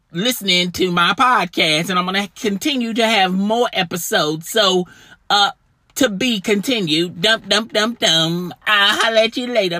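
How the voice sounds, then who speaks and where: A man's voice: high-pitched, pushed and bright, no echo, clean studio sound. A man leaving a casual voice message as a fellow podcaster, polite and apologetic with easygoing slang.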